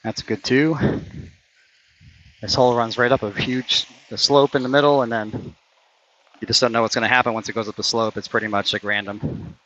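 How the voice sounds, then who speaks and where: A man talks his way through his own round on an outdoor course, calling each shot and getting openly frustrated when putts miss. His voice is bright and a little tense. The stream audio sounds dull and lo-fi. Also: mid-range voice, fairly even intonation, brisk, slight background noise. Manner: competitive, frustrated, swearing after bad shots. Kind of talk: casual play-by-play while playing. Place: outdoor mini golf course.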